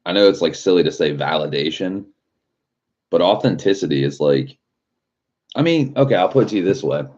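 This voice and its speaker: A man's voice: deep voice, expressive, fairly quick, darkish tone, highs cut off. A man live streaming in a casual chat, rambling loosely with lots of filler words and swearing.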